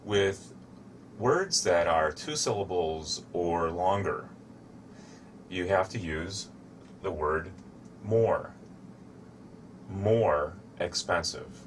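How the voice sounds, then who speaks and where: A man giving a slow, deliberate English grammar lesson, showing objects as he explains. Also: sits low, fairly bright tone, slight background noise. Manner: shows objects to camera while explaining. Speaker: English teacher.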